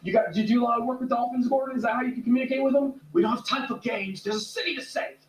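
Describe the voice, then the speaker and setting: A man's voice: extremely high pitch, very fast, heavy background noise. An actor playing an exasperated, sarcastic man who has completely run out of patience, heard as distant, roomy clip audio.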